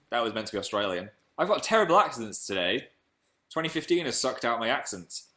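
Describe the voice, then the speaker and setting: A man's voice: mid-range voice, very animated, brisk, a bit bright. A young man from England hosting a casual live stream, chatting playfully and reading out viewer comments.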